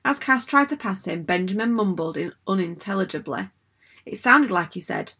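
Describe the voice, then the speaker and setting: A woman narrating a children's storybook in an even, measured reading. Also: mid-range voice, slightly rough. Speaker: audiobook narrator.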